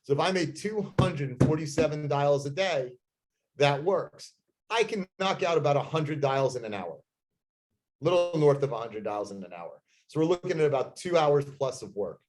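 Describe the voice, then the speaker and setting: A man's voice: fairly high pitch, expressive, moderate pace, a little mellow, slight background noise. A man talks real estate sales in an intense, emphatic way. He speaks plainly and drives each point home, like a trainer coaching a room. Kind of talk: motivational sales talk.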